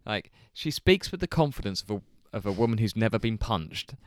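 Animated low-voiced man storyteller. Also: a little fast, dry recording, clean studio sound. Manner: animated, swearing, laughs often, acts out quotes loudly. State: hungover. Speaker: podcast co-host telling a story. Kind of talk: casual chat, storytelling.

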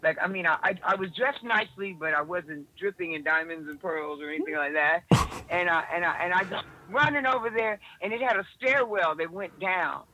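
A woman telling a story in an interview, animated, often restarting her sentences. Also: on the low side, brisk, low-quality recording. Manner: animated, with many restarts and acted-out quotes. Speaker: interview guest.

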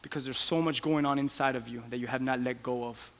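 A man preaching a sermon with impassioned pleas that rise toward shouting. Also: mid-range voice, steady tone, fast, a little hiss or hum. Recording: long hall reverb.

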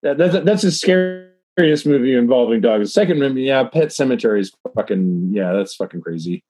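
Husky tipsy man reading news. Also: medium pitch, expressive, brisk, warm tone, no room sound. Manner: rambling, swears a lot, frequent restarts. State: tipsy from drinking. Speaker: podcast co-host reading news stories. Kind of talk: casual profane banter, reading articles aloud.

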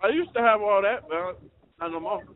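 A man's voice: sits high, normal speed. A man calling in and chatting candidly about his cars. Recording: phone-like sound.

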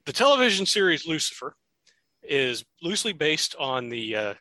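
A man co-hosting a casual podcast, chatty and quick to laugh, often restarting his sentences. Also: on the high side, sing-song, bright, forceful tone, soft background music. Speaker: podcast co-host. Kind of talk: casual chat.

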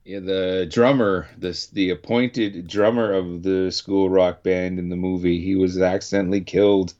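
A Canadian man hosts a casual radio show, rambling and restarting his sentences as he goes. He talks very slowly in a lowish voice, and the sound is dull and lo-fi. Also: little pitch movement, darkish tone. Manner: rambling, halting, many restarts.

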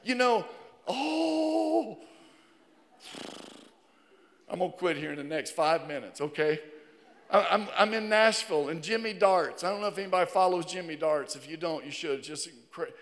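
A pastor from Virginia preaching a fervent sermon, dropping to a hush and then rising to a loud, emphatic call. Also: male voice, sits high, animated, normal speed, vocal fry. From Virginia, USA. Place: church sanctuary. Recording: hall reverb.

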